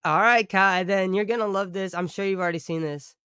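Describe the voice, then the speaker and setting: Livestream host, casual and rambling; smooth voice, close and dry. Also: medium pitch, brisk, bright, forceful tone, no echo. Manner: rambling, chatty, keeps thanking viewers. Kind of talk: casual livestream chat with viewers.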